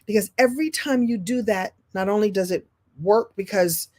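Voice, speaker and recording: A woman's voice: medium pitch, moderate pace, darkish tone. A woman in her sixties from Brooklyn gives a playful, motivational talk as a storytelling coach. She laughs often and slips into impressions. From Brooklyn, New York.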